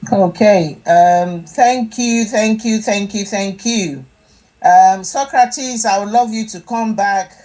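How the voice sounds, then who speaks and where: A woman's voice: mid-range voice, slow pace, dark tone, low-quality recording. Emotional woman moderating an audio chat. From Nigeria. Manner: emotional, pleading. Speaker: co-host of an online audio space.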